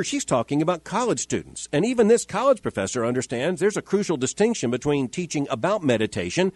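A man hosting a podcast, giving measured, emphatic scripted commentary that quotes and rebuts with repetition. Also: a little high, a little mellow, no echo. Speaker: host of a daily commentary podcast.

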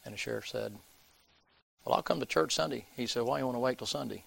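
A man with a drawl preaches through a down-home story, acting out each person in it. His voice is gravelly and rough at the edges. It rings bright and forceful. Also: mid-range voice, quick pace, dry recording. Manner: folksy storyteller, acts out characters' voices. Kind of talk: sermon storytelling.

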